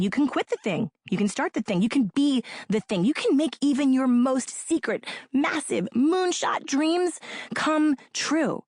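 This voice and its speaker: A woman narrating her own audiobook in an energetic, playful pep-talk manner. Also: medium pitch, no echo, clean studio sound.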